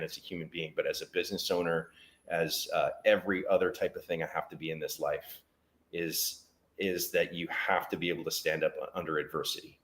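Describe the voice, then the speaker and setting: Man, very low voice, lively storytelling, acts out other people's lines. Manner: animated storyteller acting out dialogue. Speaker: guest, barbershop business owner. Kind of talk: storytelling in a conversation.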